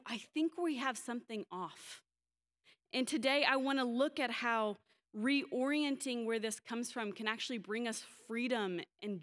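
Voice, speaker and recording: A woman's voice: a little high, a bit bright. A young adult woman pastor preaching a sermon in a candid, storytelling way, livening up when she quotes others.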